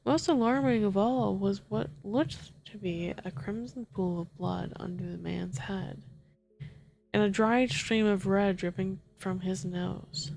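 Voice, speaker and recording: A woman narrating a first-person horror story in a soft, steady ASMR reading. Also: mid-range voice, vocal fry.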